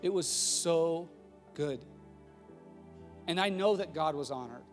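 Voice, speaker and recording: A man's voice: on the high side, takes it slowly. A man in his thirties, a pastor delivering a sermon in a conversational, humorous way that builds to emphatic repetition. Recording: long hall reverb with faint music.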